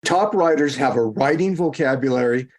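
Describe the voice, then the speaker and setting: A man's voice: medium pitch, moderate pace. A man speaking as a guest in a casual interview, rambling and digressive, often restarting and correcting himself mid-sentence.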